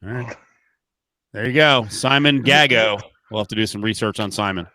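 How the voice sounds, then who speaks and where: Male co-host, lowish, bright and crisp, dry sound, deadpan jokes. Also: moderate pace, dry recording. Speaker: podcast co-host. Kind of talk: casual chat.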